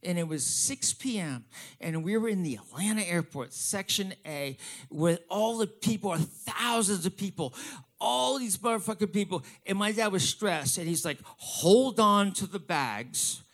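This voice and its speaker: High, lively, profane storytelling man. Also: moderate pace. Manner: profane, animated, excitable storyteller. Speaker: comedian. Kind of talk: stand-up storytelling.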